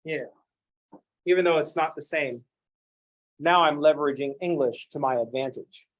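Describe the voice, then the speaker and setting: A man teaching a calculus class who lectures in an animated, playfully ranting way. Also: on the high side, normal speed. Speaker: calculus instructor.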